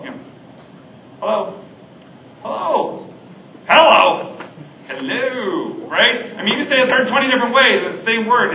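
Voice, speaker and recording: A pastor preaches an earnest sermon, stumbling through restarts and fillers, his high voice pushed and bright. The recording comes from an echoey hall via a distant mic, with faint ambience and a little hiss or hum.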